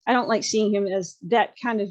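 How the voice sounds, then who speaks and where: A woman's voice: mid-range voice, fairly even intonation, a little fast, a little mellow. Southern american lady podcast host, chatty, lots of opinions, laughs a lot. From Southern United States. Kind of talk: casual chat.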